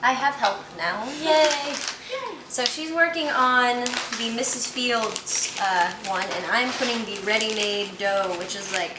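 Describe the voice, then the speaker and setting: A woman's voice: fairly high pitch, unhurried, hardly any pauses. A woman hosting a casual baking vlog, chatting and thinking aloud as she works. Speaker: vlog host. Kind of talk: casual kitchen vlog chat. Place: home kitchen. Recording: echoey kitchen, clear background noise.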